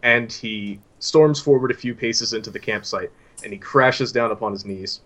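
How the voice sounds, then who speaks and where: Bright-voiced man narrating a story game. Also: fairly low pitch. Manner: descriptive, halting with fillers. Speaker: game master.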